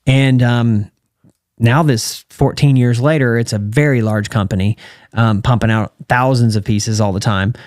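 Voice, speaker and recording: Animated American man telling stories. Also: mid-range voice, measured pace, no echo, clean studio sound. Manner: animated storyteller who acts out quoted dialogue. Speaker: guest, retired champion calf roper and entrepreneur. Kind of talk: casual storytelling interview.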